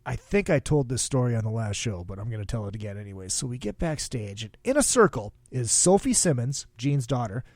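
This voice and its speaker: With a mid-range, darkish voice, this podcast host from the upper Midwest talks fairly quickly and very animatedly, barely pausing. The clean studio audio has no room sound as he rambles through profane stories in a casual chat.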